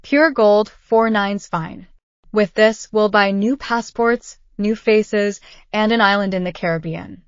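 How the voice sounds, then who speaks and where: A woman's voice: mid-range voice, a little slow, clean tone, dry recording, close to an everyday voice. A cruel, scheming husband who sneers and mocks, as a woman narrator reads his lines. The voice stays close to her own middle register. It is a dry, slightly muffled recording. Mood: sneering.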